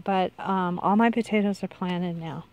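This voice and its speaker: A woman's voice: lowish voice, normal speed, lo-fi sound. A middle-aged woman giving a rambling, casual tour of her garden, often correcting herself mid-sentence. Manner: rambling, chatty, self-correcting. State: unwell, with hiccups. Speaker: vlogger showing her garden. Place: outdoor backyard garden.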